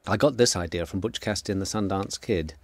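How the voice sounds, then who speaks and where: A middle-aged man giving a relaxed, anecdotal film commentary as the director, with frequent fillers. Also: low voice, fast talker, no echo. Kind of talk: DVD audio commentary.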